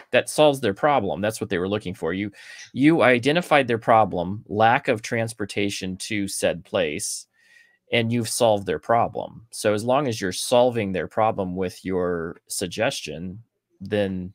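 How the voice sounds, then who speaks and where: A man's voice: lowish voice, a little slow, no room sound, clean studio sound. A man co-hosting a book discussion podcast, explaining ideas at length and thinking aloud. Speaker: podcast co-host.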